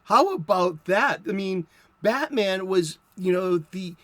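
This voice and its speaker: A man's voice: sits high, animated, slow, pushed and bright, dry recording. A man in his fifties with a Boston accent, hosting a casual solo talk about comics and rambling into joking asides. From South Boston, Massachusetts. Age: 50s. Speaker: comic book podcast host.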